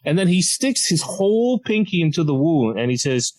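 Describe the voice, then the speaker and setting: A young Malaysian man with a fairly high voice, speaking at a moderate pace over poor audio. He's a comedian guest on a podcast, telling a story and animatedly acting out the voices of the doctors and nurses in it.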